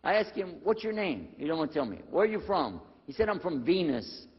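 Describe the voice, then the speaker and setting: An older American man telling his life story to an audience, acting out the dialogue with lively shifts. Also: on the high side, fairly quick, husky. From United States. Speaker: former preacher telling his conversion story. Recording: dull lo-fi recording in a reverberant hall.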